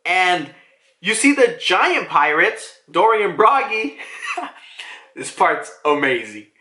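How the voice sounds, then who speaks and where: A man casually reviewing a comic chapter, excitable and swearing often. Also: sits high, slow pace. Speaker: manga reviewer. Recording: roomy echo.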